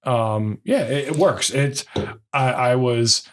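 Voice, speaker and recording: A man's voice: mid-range voice, slow. A man co-hosting a podcast in casual chat, rambling with many restarts and fillers and swearing freely. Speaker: podcast co-host.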